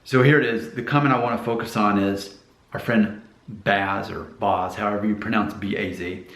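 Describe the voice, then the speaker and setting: A man's voice: on the low side, fairly even intonation, a little fast, a bit bright, reverberant. An American man talking casually to camera in a rambling, self-promoting vlog about hair. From United States. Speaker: vlogger giving hair advice.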